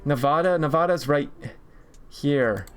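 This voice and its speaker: A man's voice: fairly high pitch, measured pace, clear, resonant tone. A man streaming a map game, talking casually to himself, often frustrated and swearing. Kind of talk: casual gaming stream commentary.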